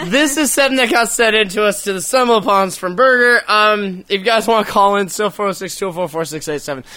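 A man's voice: high-pitched, brisk, pushed and bright, dry recording. A man hosting a podcast in casual chat, teasing and making crude jokes. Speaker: podcast host.

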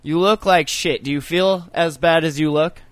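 A man co-hosting a podcast in a loud, joking, profane casual chat. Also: fairly high pitch, moderate pace, no room sound. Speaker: podcast co-host.

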